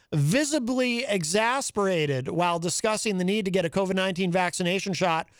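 A man's voice: high-pitched, dry recording, clean studio sound. A man hosting a call-in talk show, reading news items aloud and commenting in a conversational way. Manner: conversational, thinking aloud with fillers and asides.

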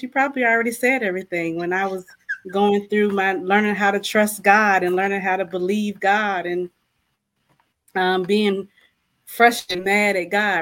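A woman's voice: medium pitch, fairly bright tone. A woman guest co-author, telling her personal testimony candidly and acting out her own prayers.

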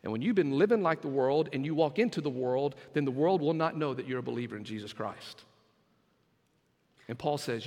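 A man preaching a sermon as pastor, emphatic and swinging between quiet, drawn-out phrases and loud bursts. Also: mid-range voice, lively intonation, in a large hall.

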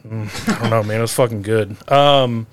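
A man's voice: lowish voice, moderate pace, crowd noise. A man hosting a podcast, talking casually and with strong opinions, restarting and repeating words as he builds his point. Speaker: podcast host. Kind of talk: casual chat.

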